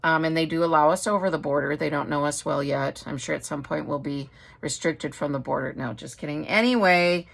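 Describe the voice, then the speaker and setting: A middle-aged woman craft vlogger talks in a loose, rambling way. She laughs often as she chats. Her voice sits a little low for a woman. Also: fairly quick, creaky, hardly any pauses. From Wisconsin. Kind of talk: casual chat.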